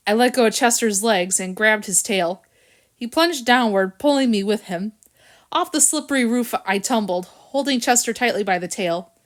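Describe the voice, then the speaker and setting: A woman reading a children's storybook aloud, narrating expressively and doing the characters' voices. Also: a little high. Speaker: audiobook reader.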